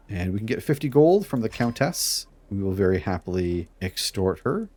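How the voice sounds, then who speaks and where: A man with a fairly low voice talks through his strategy game as a let's play. He chuckles often and sounds playfully scheming as he explains his moves. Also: big pitch swings, a little slow, a little mellow. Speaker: streamer playing a strategy game.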